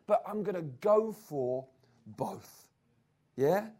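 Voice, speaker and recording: A pastor preaching a sermon to his church, building to loud, repeated emphatic phrases. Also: medium pitch, animated, slow. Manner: preaching with rising emphatic bursts and repetition.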